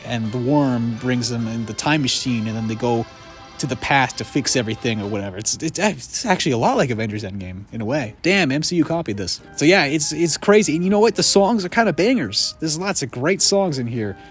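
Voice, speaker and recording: A man's voice: mid-range voice, fairly quick, soft background music. A man hosting a casual comedic movie retrospective outdoors under a tree, rambling and jokey. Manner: rambling, jokey, animated with voice jumps. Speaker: video essay host.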